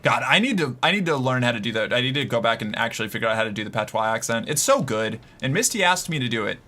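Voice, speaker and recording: Bright-voiced joking male streamer. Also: mid-range voice, sing-song, fast talker. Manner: loose and joking, swears, laughs often. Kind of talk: casual live-stream commentary.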